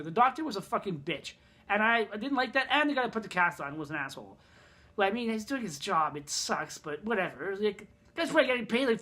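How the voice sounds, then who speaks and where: A man's voice: high-pitched, bright, forceful tone. A man telling a story in a casual vlog, rambling, swearing and sarcastic, in pain from a broken thumb. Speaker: vlogger.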